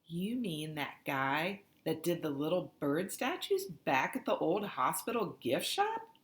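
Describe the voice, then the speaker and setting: A woman's voice: deep voice, very animated, unhurried. A woman voicing a skeptical teenage boy in an audiobook, wry and questioning. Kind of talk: audiobook character voice. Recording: roomy echoey recording.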